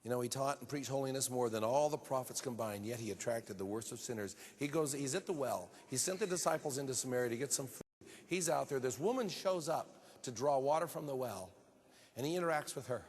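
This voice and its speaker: A man preaching a sermon earnestly, building to emphatic high-pitched peaks. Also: brisk, darkish tone, slightly rough. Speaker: pastor. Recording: long hall reverb.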